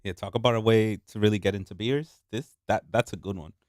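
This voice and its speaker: A man co-hosting a casual beer podcast, playful and quick to laugh. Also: on the low side, no echo, studio quality. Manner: laughs often, lively and playful. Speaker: podcast co-host. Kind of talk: casual chat over beer tasting.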